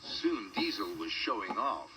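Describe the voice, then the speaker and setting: A man narrating a children's train story with an expressive reading. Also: deep voice, measured pace, noisy background. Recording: music bed behind the voice.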